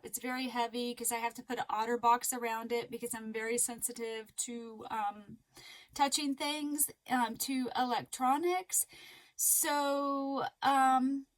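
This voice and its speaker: A woman chatting casually in a crochet vlog, rambling and excitable with lots of fillers. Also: sits high, rough recording. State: a little out of breath. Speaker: crochet vlogger.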